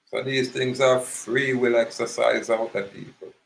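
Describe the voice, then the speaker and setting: A man's voice: medium pitch, steady tone, measured pace, vocal fry, a little hiss or hum, low-quality recording. A man with a Jamaican accent giving an impassioned, preachy monologue, emphatic and repetitive. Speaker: activist speaker.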